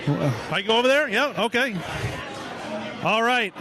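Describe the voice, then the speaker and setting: A man's voice: extremely high pitch, expressive, a little slow. A man hosting a walking live stream at an outdoor car show, upbeat and hyping the crowd, a little out of breath.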